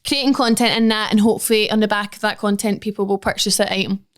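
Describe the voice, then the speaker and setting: A woman's voice: medium pitch, steady tone, quick pace. A Scottish woman in her twenties, chatting casually as a podcast guest, self-deprecating and full of "like" fillers. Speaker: guest, social media influencer.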